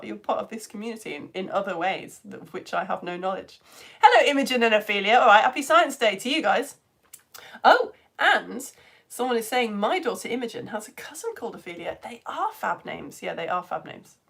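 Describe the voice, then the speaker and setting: Bubbly, lively-voiced woman teacher. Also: medium pitch. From United Kingdom. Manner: bubbly, chatty, laughs often, rambling. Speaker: online science teacher for home educators. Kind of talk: live-stream chat reading out viewer comments.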